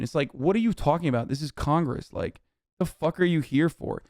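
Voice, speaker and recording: Male streamer, heated and foul-mouthed, slightly higher voice, talking to chat. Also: brisk, darkish tone, dry recording, studio quality. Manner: profane, heated, sarcastic. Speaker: streamer reacting to news. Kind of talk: angry political rant to chat.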